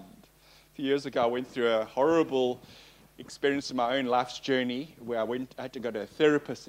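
A man teaching in a sermon, animated and playful, repeating phrases for emphasis. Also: a little high, brisk. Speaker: pastor.

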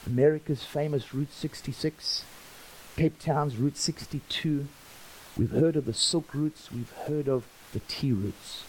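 A man, a pastor preaching a sermon and acting out the dialogue of his stories with lively energy. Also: a little high, a little slow, slight background noise, rough recording. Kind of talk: storytelling sermon.

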